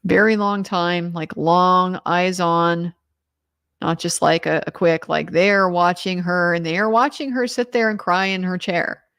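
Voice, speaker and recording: A woman's voice: on the low side, steady tone, a little slow, fairly bright tone, smooth. A woman as a legal commentator, giving a casual trial recap in a conversational way with lots of filler words.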